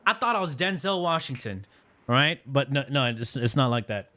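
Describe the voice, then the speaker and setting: Speaking at normal speed in a mid-range voice, a Canadian streamer in his thirties tells his chat a long story from his own life. He's lively, full of slang and swearing, and keeps asking "right?"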